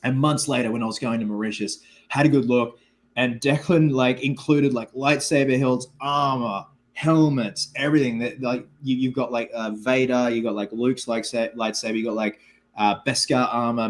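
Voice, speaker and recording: A man hosts a casual livestream Q&A in a mid-range, steady voice at normal speed. He reads viewer comments aloud, rambling and chatting with plenty of filler words.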